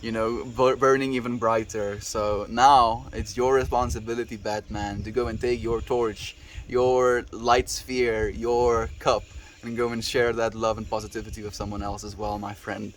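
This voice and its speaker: A man's voice: lowish voice, little pitch movement, normal speed, a little hiss or hum. A man livestreaming, chatting with his viewers in an earnest, affectionate, reflective way. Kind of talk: casual chat with live viewers.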